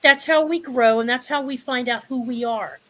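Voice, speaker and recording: A woman's voice: high-pitched, normal speed, a little hiss or hum. A woman in her sixties speaking bluntly and passionately in a candid live discussion. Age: 60s. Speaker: panel guest.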